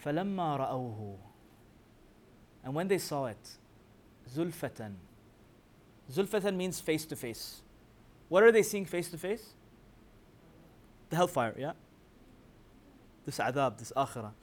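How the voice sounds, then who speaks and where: Male religious teacher, slightly high voice, rapid recitation, keeps quizzing the room. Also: very animated, slight background noise. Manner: quizzes listeners with rhetorical questions; recites scripture in rapid chanting. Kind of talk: Quran commentary class.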